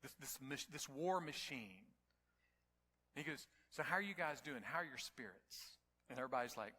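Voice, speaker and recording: A man preaching a sermon to his congregation, telling stories and building to near-shouts at the climaxes. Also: mid-range voice, animated, normal speed, big-room sound. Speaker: pastor. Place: church sanctuary.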